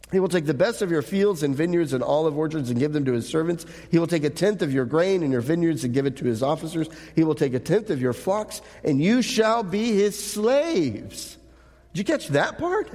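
A male pastor with a fairly high, darkish voice earnestly preaches a sermon, reading scripture aloud and putting rhetorical questions to the congregation. His words ring out with a long hall reverb.

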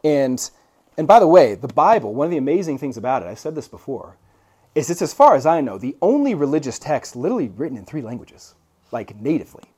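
A man's voice: a little high, very animated, fast, mellow, husky. A man preaching a conversational sermon, telling stories with asides and rhetorical questions. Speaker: pastor.

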